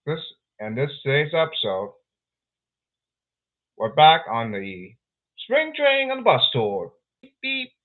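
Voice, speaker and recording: Male podcast host, slow and lively, rambling and repetitive, tinny phone-quality audio. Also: medium pitch. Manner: rambling, excitable, repeats phrases. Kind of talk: casual solo podcast commentary.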